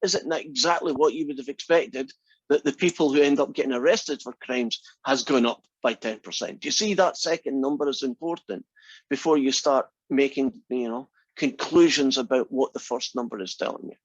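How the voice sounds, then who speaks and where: Reasoning aloud before his statistics class, this male math instructor keeps firing questions at the students in a brisk, slightly rough, medium-pitched voice. There's no echo, though the sound is lo-fi.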